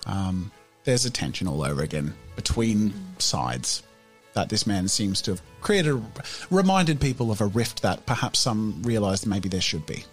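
A man's voice: lowish voice, very animated, measured pace, hardly any pauses, faint music behind. Man narrating as game master. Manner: casual, many fillers.

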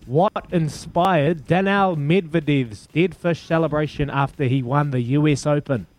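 A man's voice: a little high, a little slow, a little mellow. A man with a New Zealand accent hosting a radio call-in quiz, upbeat and bantering as he counts down the answers. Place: radio studio.

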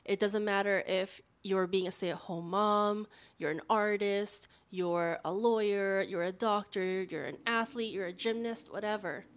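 A woman's voice: medium pitch, unhurried, smooth. A woman dating-advice host giving a casual, lecture-style vlog in a sassy, direct, coaching tone.

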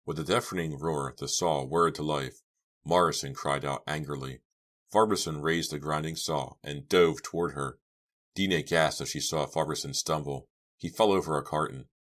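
A man narrating a horror novel audiobook in a measured, steady reading. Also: a bass voice. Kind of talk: scripted narration.

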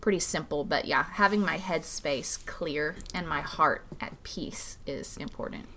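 Animated woman pastor, casual teaching. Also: unhurried, a little hiss or hum. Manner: animated, acts out quoted dialogue with big pitch jumps; casual, many "like" fillers. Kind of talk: conversational faith teaching.

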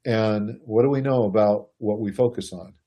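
Animated man explaining with chuckles. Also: on the low side, normal speed, highs cut off. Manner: animated, chuckles, addresses listener directly. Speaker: speaker explaining personality types. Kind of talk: casual explanatory talk.

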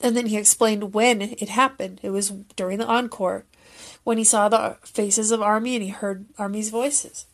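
A woman's voice: medium pitch, fairly even intonation, normal speed. A woman talking casually and earnestly, recapping a moment that moved her, thinking aloud with fillers and restarts. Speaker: fan commentator.

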